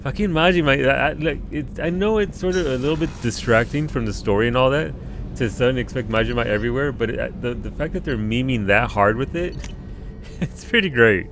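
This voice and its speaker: A male streamer talks loosely at a mid pitch while he plays at home. He rambles, swears freely and laughs easily, with a faint hiss under his voice. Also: fairly quick, a bit bright. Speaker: game streamer. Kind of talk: casual live-stream chat.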